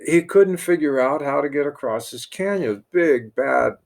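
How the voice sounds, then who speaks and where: Gravelly, halting priest telling a parable. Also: male voice, a little high, lively intonation, a little mellow. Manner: many restarts and repeated words. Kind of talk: storytelling with a sermon-like lesson.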